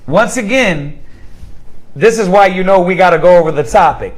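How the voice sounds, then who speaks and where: A man's voice: high voice, lively intonation, moderate pace, rough recording. A man leading a casual Bible class, talking informally and often asking the group "right?". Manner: conversational, asks the group rhetorical questions; informal slang, repeats words as he restarts.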